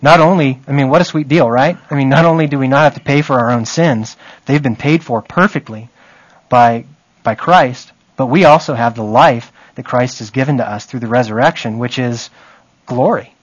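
A man's voice: mid-range voice, moderate pace, dry recording, highs cut off. A man teaching a Bible study in a conversational way, often checking in with his listeners.

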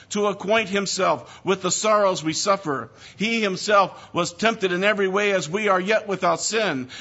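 A man preaching a sermon as a pastor, measured and often dropping soft and low. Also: dull audio.

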